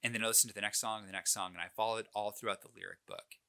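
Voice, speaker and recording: Bright-voiced young man telling a story. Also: fairly low pitch, rapid-fire, clean tone. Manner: animated, self-deprecating, many fillers and restarts. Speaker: podcast co-host. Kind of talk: casual storytelling chat.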